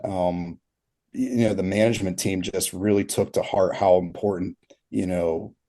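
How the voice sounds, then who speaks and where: Deep and steady, with a dark tone and a normal speed, the voice comes from a man in his thirties who works as a turf consultant. As a podcast guest he tells meandering, filler-heavy stories in casual interview fashion, laughing often.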